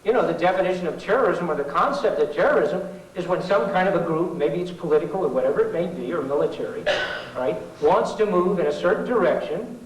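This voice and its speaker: A man's voice: sits high, animated, fast talker. Folksy, sarcastic man in an echoey hall. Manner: folksy, sarcastic, rambling with asides. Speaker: public speaker. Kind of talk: informal political talk to an audience. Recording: echoey 1990s hall recording from far off.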